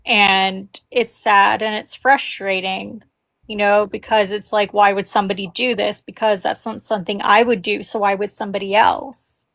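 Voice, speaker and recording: A woman with a gravelly, fairly flat voice, checking in gently and a little hesitantly. Her sound is dry and close, with no room around it. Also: mid-range voice, normal speed, no room sound. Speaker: live stream guest. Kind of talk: casual chat.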